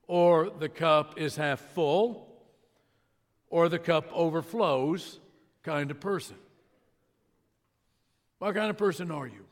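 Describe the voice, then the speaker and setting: Man, pastor, sermon, storytelling, fairly high voice, long hall reverb. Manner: storytelling, conversational with pauses. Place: church sanctuary.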